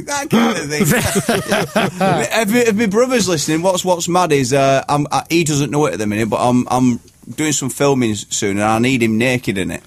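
A middle-aged man, a guest on a radio show, rambling through casual banter with a lot of restarts and quick laughs. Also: fairly high pitch, expressive, slight background noise. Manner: rambling, self-interrupting storyteller, quick to laugh.

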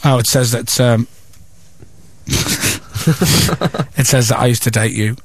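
A man's voice: mid-range voice, a little slow. A man hosting a radio show, bantering and teasing his guest. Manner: teasing, jokey, lively.

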